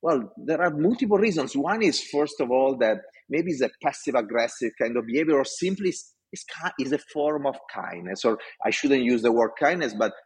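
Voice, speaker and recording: A man's voice: mid-range voice, expressive, brisk, few pauses, slightly rough. A man from Italy with an Italian accent, telling a story about his career with passion and acting out the dialogue. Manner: passionate, acts out quoted dialogue. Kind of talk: animated storytelling.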